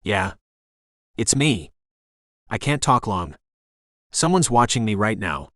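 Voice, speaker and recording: Casting: man playing a scared young guy in trouble, pleading and vulnerable, lowish voice. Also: sing-song, slow pace, a bit bright, no echo, studio quality, full character voice. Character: frightened, battered young man in debt.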